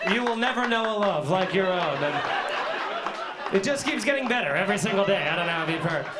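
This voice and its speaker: Stand-up comic, man, very high voice, brash and profane, in a small club over a laughing crowd. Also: quick pace, heavy background noise. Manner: brash, profane, animated storytelling with acted-out asides. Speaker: stand-up comedian. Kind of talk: stand-up comedy set with crowd work. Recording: live club audience laughing.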